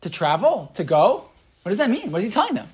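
A woman leads a Torah lesson in a lively, storytelling way. She keeps throwing questions to her listeners. Her voice sits at an ordinary middle pitch. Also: fast, slightly rough. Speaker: Torah class teacher.

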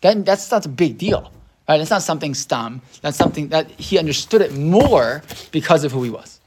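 A man's voice: a little high, animated, moderate pace, background noise. A man teaching a Torah class in a casual, rambling way, with many restarts and tag questions.

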